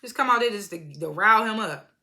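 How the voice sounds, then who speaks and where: A woman casually recapping a TV episode, in a loose slangy retelling full of "was like" and quick chuckles. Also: medium pitch, lively intonation, sharp tone, a little hiss or hum. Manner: chuckles between lines. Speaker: TV episode reviewer.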